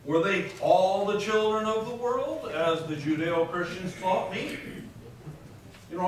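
A man's voice: sits high, fairly bright tone. A man preaching a sermon as pastor, reading scripture aloud and putting questions to his congregation. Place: large conference hall. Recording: echoey hall, distant mic, faint noise.

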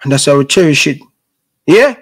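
A Jamaican man with a high voice holds forth to his audience in thick Patois. He sounds middle-aged and impassioned, preaching about patience and hustle as host of his own sports channel. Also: animated, moderate pace, slightly rough. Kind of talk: casual rant to camera.

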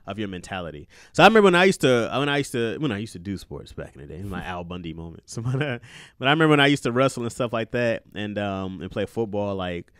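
A man's voice: on the low side, very animated, fast, fairly bright tone, clean tone, dry recording, studio quality. A man in his thirties hosting a podcast, talking loosely and profanely and laughing often. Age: 30s. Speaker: podcast host. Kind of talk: casual podcast chat.

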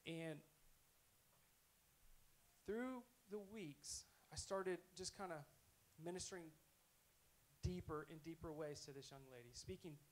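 A man's voice: a little high, takes it slowly, long pauses, low-quality recording. A man preaching a sermon in a conversational, earnest storytelling way. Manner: conversational, earnest, self-correcting.

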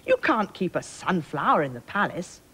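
A woman voicing a sensible, patient storybook queen who stays calm and gently firm. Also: lowish voice, normal speed, slightly rough, heavily acted, low-quality recording.

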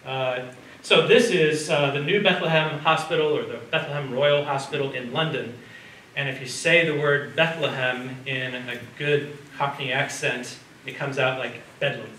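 A man gives a slide lecture in a relaxed, conversational way and often asks the audience questions. His voice is bright. He is heard from across an echoey room with a faint hiss underneath. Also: mid-range voice, normal speed. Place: community hall or lecture room. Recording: roomy sound from a distance, faint background noise.

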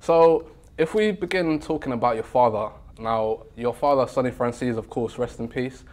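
A young man hosts a podcast, interviewing his guest eagerly and deferentially while often hedging his questions. His voice is mid-range and slightly dark in tone, with a moderate pace.

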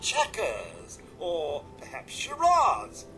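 A man's voice: fairly high pitch, huge pitch swings, drawn-out words, crowd noise, full character voice. An actor playing a fussy, formal male robot butler in a video game, speaking in a prim, chirpy manner. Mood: fussy polite. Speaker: game character. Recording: game audio with loud music. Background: game music.

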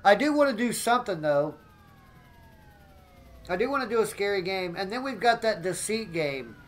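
Excitable high-voiced man streaming a game. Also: normal speed, poor audio. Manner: excitable, keeps exclaiming and greeting chat. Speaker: gaming live streamer. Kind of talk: live gameplay commentary.

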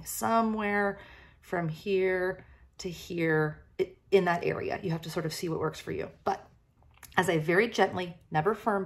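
Woman, physician, instructional demo, husky voice, a bit of vocal fry, friendly check-ins. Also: medium pitch. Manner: friendly, checks in with frequent "okay?". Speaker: breastfeeding medicine physician. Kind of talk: hands-on instructional demonstration.

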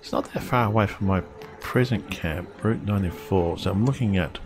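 A man's voice: deep voice, brisk, background noise. A man thinking aloud in casual, rambling commentary as he plays a game. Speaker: gamer streaming his play. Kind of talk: casual let's-play commentary. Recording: clear guitar music behind the voice.

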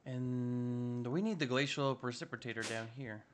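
A Minecraft modpack let's-play host speaks in a mid-range voice at a moderate pace over a noisy background. He gives upbeat, casual commentary while playing the modded block-building game, chatting to himself as he builds.

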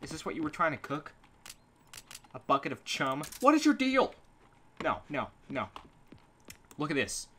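A woman giving let's play commentary, exasperated, swearing often, yelling in bursts and then muttering to herself. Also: low voice, very animated, moderate pace, pauses often, slight background noise. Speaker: gaming commentator.

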